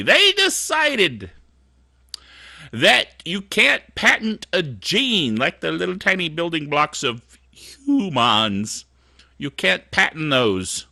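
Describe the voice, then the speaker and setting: A man's voice: sits high, creaky, sharp tone, no room sound, studio quality. A middle-aged man hosting a tech show, talking in a casual, digressive, self-mocking monologue.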